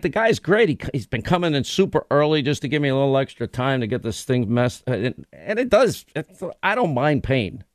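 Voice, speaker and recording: A man's voice: medium pitch, no room sound. A man hosting a talk radio show, delivering a rambling, emphatic, conversational monologue into a studio microphone.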